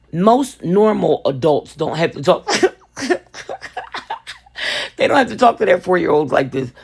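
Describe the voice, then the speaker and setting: Woman storyteller: casual, expressive, big swooping pitch, gravelly texture. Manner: animated, expressive, laughs often. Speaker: vlogger, resin crafter.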